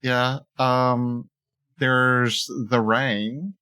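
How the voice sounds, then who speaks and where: A man's voice: mid-range voice, level tone, extremely slow, pushed and bright, clear, resonant tone, poor audio. A man co-hosting a podcast in casual chat, hesitant, with many ums and short agreements. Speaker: podcast co-host. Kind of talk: casual chat about tabletop games.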